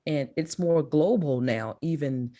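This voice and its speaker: Speaking at a measured pace in a low, mellow voice, a Memphis woman with a Mississippi accent delivers a motivational talk to students as a guest speaker. She is emphatic and encouraging and repeats points for emphasis. The recording is dry and studio-clean.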